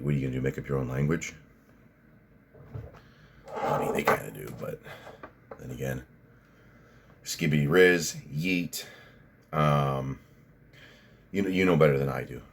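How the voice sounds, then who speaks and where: A man, rambling bluntly through a casual commentary vlog, swearing freely and restarting his sentences. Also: a bass voice. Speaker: fitness vlogger.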